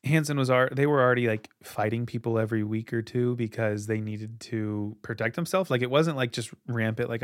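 A man hosts a casual podcast and tells long stories in a rambling way, full of fillers and restarts. His pitch sits in the middle range. The recording is dry, with no room sound. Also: a little fast, few pauses, no echo. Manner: rambling, filler-heavy storytelling. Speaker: podcast host. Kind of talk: casual chat.

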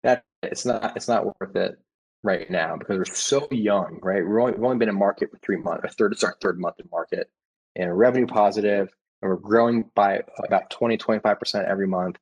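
A man's voice: on the low side, fairly quick, vocal fry, husky, dull audio. A man in his thirties, a startup founder, talking casually in an interview and acting out the customers he quotes. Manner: animated, acts out quoted customers with restarts.

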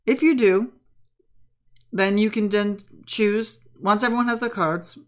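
A woman's voice: mid-range voice, steady tone, measured pace, lightly acted. Benji, a woman doing a little English boy dealer. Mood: upbeat.

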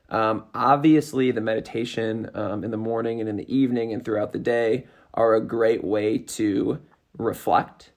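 A man's voice: fairly low pitch, steady tone, normal speed, creaky. A man hosting an interview, asking loose questions full of "um" and "like". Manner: rambling questions with many fillers. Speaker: podcast host. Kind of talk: casual interview.

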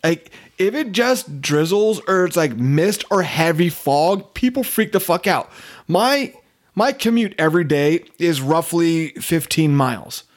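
A man's voice: fairly high pitch, expressive, measured pace. A man hosting a casual podcast, complaining bluntly with swearing. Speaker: podcast host.

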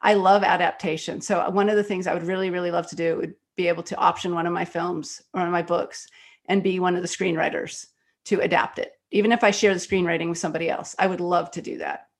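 A woman guest, an author and screenwriter, talking in an interview and telling stories quickly and animatedly, with many fillers. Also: lowish voice, little pitch movement. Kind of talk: conversational interview storytelling.

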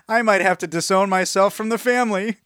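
A man co-hosting a casual podcast, reading reviews aloud in a teasing, mocking way. His voice sits a little high, and the sound is dry and close, with no room in it. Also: moderate pace, a bit bright, clear, resonant tone, no echo. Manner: mocking, breaks into laughter mid-read. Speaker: podcast co-host.

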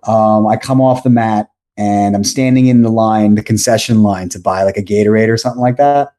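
A man's voice: on the low side, fairly quick, warm tone. A man in his forties from South Florida, a podcast guest telling a long story casually, rambling and correcting himself as he goes.

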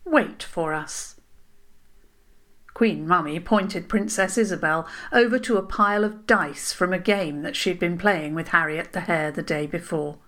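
A woman narrating a children's story in a gentle, unhurried way. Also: fairly low pitch.

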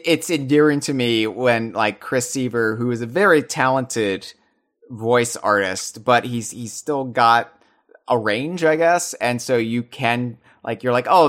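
A man's voice: medium pitch, fairly bright tone. A man co-hosting a podcast, rambling enthusiastically with frequent restarts as he talks through his thoughts. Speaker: podcast co-host. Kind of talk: casual chat.

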